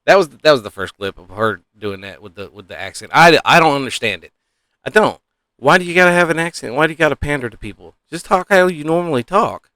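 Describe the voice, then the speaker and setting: A man's voice: a little high, animated, fast talker, bright, forceful tone, no room sound, clean studio sound. A man giving casual, opinionated political commentary, rambling and sighing often.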